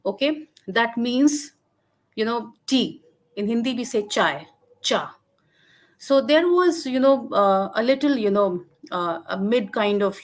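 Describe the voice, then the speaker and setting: Woman giving a halting webinar lecture. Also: mid-range voice. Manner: halting, many fillers and restarts. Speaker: guest lecturer. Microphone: video call.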